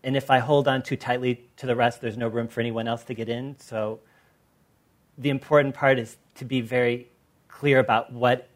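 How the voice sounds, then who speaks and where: American man telling lively stories. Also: medium pitch. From Los Angeles. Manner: animated storyteller who acts out quoted people. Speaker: artist on a panel. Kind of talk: panel discussion.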